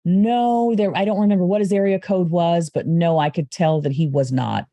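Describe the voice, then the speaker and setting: Woman guest, mellow voice, animated storyteller who acts out voices, dry sound. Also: fairly low pitch, moderate pace, no echo. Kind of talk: casual storytelling conversation.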